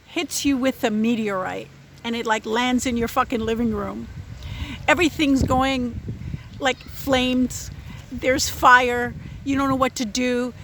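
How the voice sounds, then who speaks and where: A woman's voice: sits high, sharp tone, slight background noise. A woman giving an unscripted spiritual talk to camera, intense and blunt, swearing freely and pressing her points hard. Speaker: spiritual vlogger.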